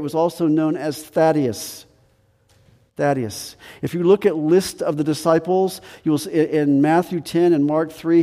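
A man preaches a sermon, his voice fairly high but warm and mellow. He repeats key phrases and presses rhetorical questions on the congregation. His words ring out with the long reverb of a large hall. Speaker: pastor.

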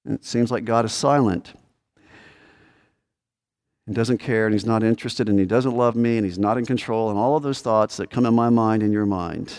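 A male pastor preaching a conversational sermon to his congregation, asking the room rhetorical questions and acting out desperate pleas before dropping to quiet, low asides. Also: moderate pace, clean tone. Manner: swings between raised pleading lines and low quiet asides.

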